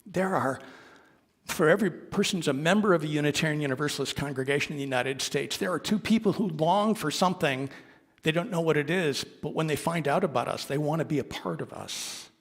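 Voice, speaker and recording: A man's voice: a little high, fairly quick. A man giving a sermon as a minister, speaking earnestly and conversationally with small asides. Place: sanctuary of a congregation. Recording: long reverb of a worship hall.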